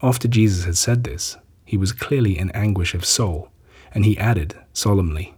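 A man reads scripture aloud in a slow, solemn, measured way. His voice is lowish, very husky and dark. The telling stays even and deliberate. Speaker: scripture reader. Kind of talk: scripted Bible reading.

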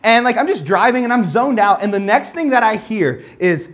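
A man's voice: sits high, expressive, moderate pace, a bit bright. Young male preacher, casual storytelling sermon, chatty with lots of fillers and restarts.

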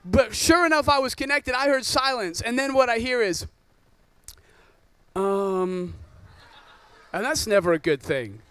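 High-voiced man preaching with jokes. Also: expressive, a little slow, pauses often, pushed and bright, clear, resonant tone, no echo. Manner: joking storytelling. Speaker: pastor. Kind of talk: sermon.

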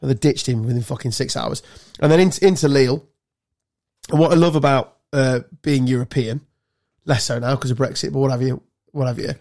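A man's voice: medium pitch, a little fast. Sweary English podcast man. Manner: swearing storyteller, animated anecdotes. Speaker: podcast co-host. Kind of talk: casual chat.

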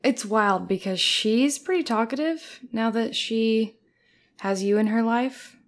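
A woman's voice: a little high, measured pace. A woman co-hosting a podcast, chatting casually in a dry, teasing way. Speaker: podcast co-host. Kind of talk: casual chat.

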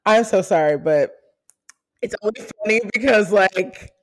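Brief: young woman podcast host, mid-pitched, animated and teasing, laughs often in casual chat. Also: unhurried.

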